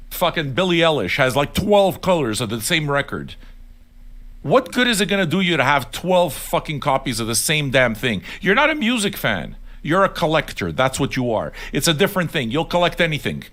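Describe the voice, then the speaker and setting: Bright, lively-voiced older man ranting. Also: a little high. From Neapolitan heritage. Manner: blunt, sweary and argumentative, addressing viewers directly. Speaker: livestream host. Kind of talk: profane casual rant on a livestream.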